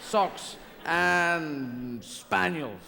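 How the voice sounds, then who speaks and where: A man's voice: on the high side, animated, extremely slow, gravelly, noisy background. A man doing live stand-up comedy, rambling playfully with tangents and restarts, on a large theater stage. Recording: echoey live hall with audience. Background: audience laughter.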